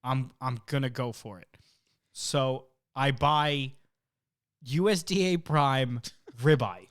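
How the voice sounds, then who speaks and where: A man co-hosting a casual podcast, telling a story with lively energy and frequent swearing. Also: mid-range voice, takes it slowly. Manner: animated storyteller, swears often. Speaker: podcast co-host. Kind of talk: casual chat.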